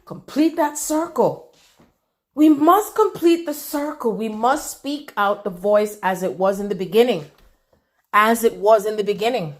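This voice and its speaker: A woman delivering a channeled spiritual message, repeating phrases in an incantatory way and swinging between loud declarations and near-whispers. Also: on the high side.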